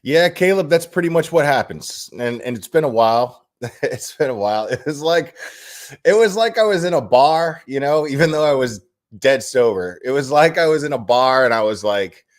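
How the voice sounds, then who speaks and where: A man's voice: medium pitch, normal speed. A man hosting his own channel, giving blunt opinions in casual commentary. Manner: animated and opinionated, with frequent restarts. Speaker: channel host.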